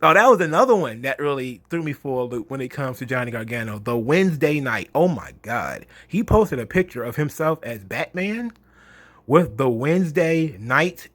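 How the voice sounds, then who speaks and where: A man's voice: mid-range voice, a bit bright, no echo. A man ranting in a mocking, exasperated, profane monologue about wrestling. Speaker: wrestling commentary host.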